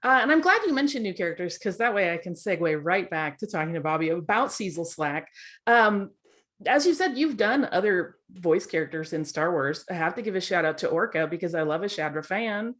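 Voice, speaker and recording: A woman moderating a virtual panel, fast and gushing like an excited fan, over a video call. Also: fairly low pitch. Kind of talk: casual interview.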